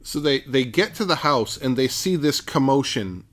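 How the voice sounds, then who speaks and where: A man co-hosting a podcast, explaining background in a measured way during a casual Bible discussion. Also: mid-range voice, expressive, a bit bright. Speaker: podcast co-host.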